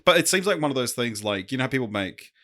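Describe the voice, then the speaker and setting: A man's voice: mid-range voice, expressive, quick pace, fairly bright tone. Podcast co-host, male, loose and rambling, quotes scenes in goofy voices. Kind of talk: casual film review chat.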